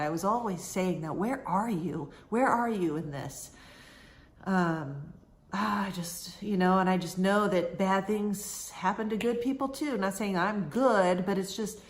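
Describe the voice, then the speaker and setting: A woman in her thirties candidly telling a personal story, with many "you know" fillers. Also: lowish voice. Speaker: vlogger sharing a personal story.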